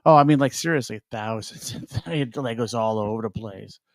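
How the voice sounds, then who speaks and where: A man's voice: mid-range voice, moderate pace, dry recording. Laughing man with a dry, close sound. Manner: laughing anecdotal storyteller. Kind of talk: casual chat.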